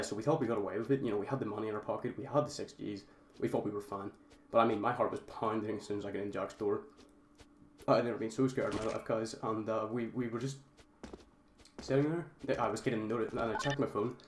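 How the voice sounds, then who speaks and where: A man's voice: on the low side, steady tone, fast talker. A young man casually telling a story to his viewers, rambling and often calling them guys. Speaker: vlogger. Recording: roomy echo, faint background noise.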